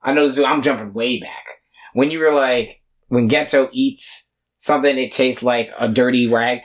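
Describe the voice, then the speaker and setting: A man's voice: mid-range voice, steady tone, moderate pace. A young man co-hosting a casual anime podcast, acting out character lines and laughing often. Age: young adult. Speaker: podcast co-host.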